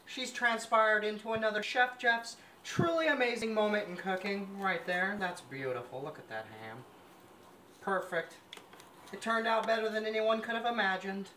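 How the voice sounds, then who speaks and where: A man's voice: high-pitched, moderate pace, pushed and bright. A man hosting a mock cooking show, gushing pompously over every dish as he works in a home kitchen. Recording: noisy kitchen sound.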